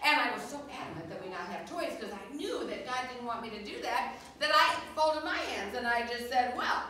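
A middle-aged woman hosting a children's show, telling a lively story to a crowd of kids and asking them questions. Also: a little high, a little fast. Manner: animated, asks the kids questions. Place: school hall with a live audience. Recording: echoey hall from a distant mic.

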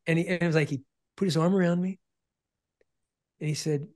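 A man telling an emotional testimony about starting his ministry, earnest, often restarting and repeating words, dropping to a hush when quoting. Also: fairly high pitch, steady tone, fairly quick, pauses often. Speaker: ministry founder and guest.

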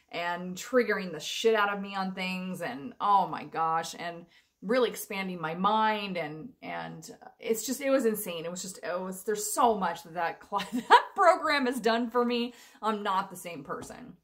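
Chatty woman with a slightly low voice. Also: fairly bright tone. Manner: chatty, rambling, emotional, with frequent fillers and laughs. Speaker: vlogger. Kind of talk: casual personal storytelling.

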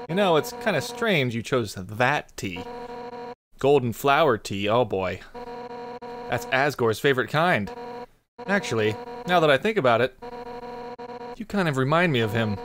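A man voicing a hot-headed fish-woman warrior captain, talking loud and boisterous over game music. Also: mid-range voice, sing-song, a little slow, pauses often, background noise. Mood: boastful.

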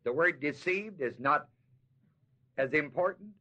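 A man teaching Bible verses in a sermon. He talks emphatically, slows down to stress key words and asks the audience questions. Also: fairly high pitch, expressive, sharp tone. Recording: dull lo-fi 1970s tape recording.

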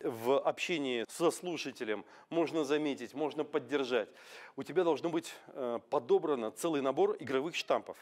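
A man's voice: mid-range voice, brisk. A man coaching public speaking in an emphatic motivational lecture, showing how to change tone. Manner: emphatic, demonstrates tone shifts.

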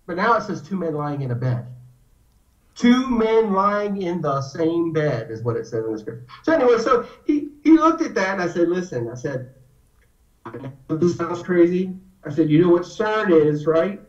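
A man's voice: high-pitched, moderate pace. A man telling stories in a casual conversation, acting out the voices of the people he quotes. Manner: animated storyteller, acts out quotes. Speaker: guest. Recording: echoey, distant, dull lo-fi sound.

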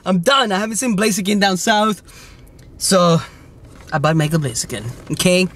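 Male vlogger, casual and animated, fairly high voice, clear noise behind him. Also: normal speed. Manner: animated, swears and laughs, mixes in Spanish words. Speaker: toy-hunting vlogger. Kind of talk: casual vlog.

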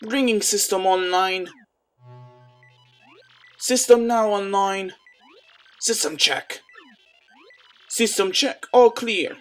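A man's voice: high voice, takes it slowly, pauses often, clear, resonant tone, soft background music. A man doing a stern mock-Russian bomb soldier. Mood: clipped. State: hoarse.

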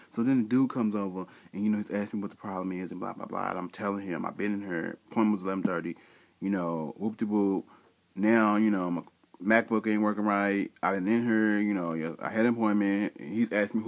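A man's voice: on the low side, fairly quick. A man telling a story in a casual vlog rant, exasperated and slangy, acting out bits of dialogue. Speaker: vlogger.

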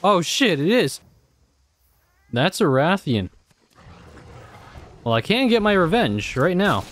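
A man's voice: sits high, big pitch swings, takes it slowly, a bit bright. A young man commenting on his own gameplay, exasperated and cursing often as he talks to himself. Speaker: gamer.

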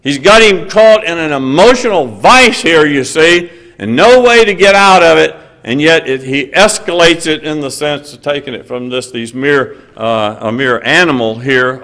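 A man preaching a conversational sermon, reading scripture aloud, stressing words and often pausing on "uh" while joking with the audience. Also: mid-range voice, fairly bright tone, poor audio. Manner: emphatic, hesitant "uh" fillers, banter with the audience. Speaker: preacher at a lectureship.

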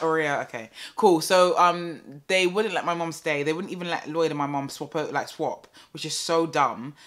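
A young woman telling a story casually to camera, chatty and animated with lots of fillers and repeats. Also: deep voice. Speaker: vlogger.

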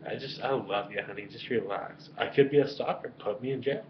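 A man's voice: mid-range voice, a little fast, dull audio, soft background music. Rambling lovestruck man on a webcam. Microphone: webcam microphone.

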